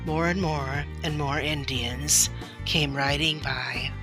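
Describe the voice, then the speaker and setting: A woman reads a children's novel aloud in a gentle, expressive way. She takes it very slowly, letting each phrase settle. Soft music runs under her voice. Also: low voice. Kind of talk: storybook read-aloud.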